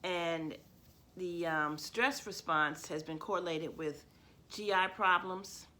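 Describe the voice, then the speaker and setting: A middle-aged woman talks through her subject in a loose, conversational way, full of "um"s and little laughs. Her voice sits low but comes across bright and forceful, like an educator sharing what she knows. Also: slow. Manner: conversational, chatty with small laughs and fillers. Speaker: educator giving a talk. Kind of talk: casual spoken presentation.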